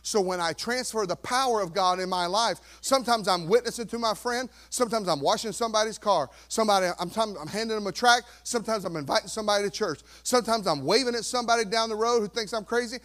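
A pastor preaching a sermon, swinging from quiet asides to loud exhortation and acting out worried churchgoers. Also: male voice, high voice, fast, few pauses. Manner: acts out worried churchgoers in quoted voices.

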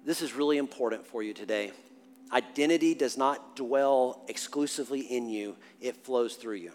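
A man's voice: mid-range voice, moderate pace, slight background noise. Preaching man in a reverberant hall. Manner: animated, swings from hushed to loud laughing. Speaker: pastor. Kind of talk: sermon with a personal story. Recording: long hall reverb with faint music.

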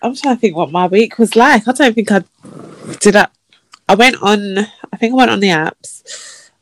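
A woman, chatting on a podcast and telling stories, acting out messages in a mocking voice. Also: normal speed. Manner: chatty and storytelling, acts out messages in a mocking high voice. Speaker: podcast co-host. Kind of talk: casual chat.

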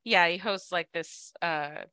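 A woman co-hosting a podcast, recapping a movie in casual chat at an unhurried pace. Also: on the low side, bright, forceful tone, smooth, no echo. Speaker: podcast co-host.

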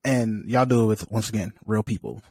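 A man's voice: fairly low pitch, brisk, darkish tone, slightly rough, no echo. A man from California co-hosting a podcast, talking in a frustrated, conversational way and laughing often. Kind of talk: casual chat.

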